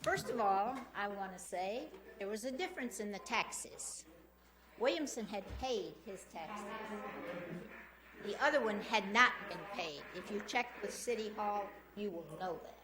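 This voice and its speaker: A woman's voice: medium pitch, expressive, a little slow, crowd noise. A woman giving a public comment at a city council meeting, insistently recounting an incident in detail from a podium microphone.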